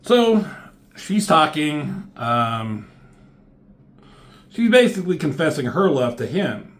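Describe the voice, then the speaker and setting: A man's voice: a little high, sing-song, slow pace. A man recapping a comic book in a casual, sarcastic way, full of profane asides.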